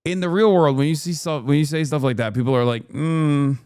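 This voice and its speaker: A man's voice: on the high side, quick pace, a little mellow, smooth, dry recording. Blunt streamer guy, slangy reaction talk, dry close sound. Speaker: streamer reacting to a debate clip. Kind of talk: casual reaction commentary.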